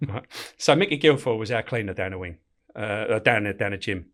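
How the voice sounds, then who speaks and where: A man's voice: on the low side, brisk. A man, a former prison officer, telling anecdotes in a podcast interview with frequent swearing. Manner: animated, swears freely, acts out voices. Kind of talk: anecdotal storytelling.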